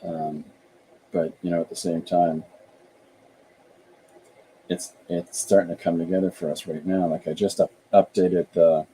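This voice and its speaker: A man's voice: low-pitched, level tone, measured pace, long pauses, warm tone, a little hiss or hum, low-quality recording. A middle-aged man from Canada, a podcast host and author, chatting casually and thinking aloud with frequent restarts.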